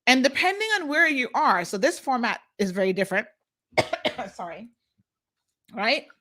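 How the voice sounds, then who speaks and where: A talk-show host gives unscripted live commentary straight to her viewers, outspoken and emphatic, reading their comments as she goes. Her slightly high voice is bright, forceful and sing-song, at normal speed.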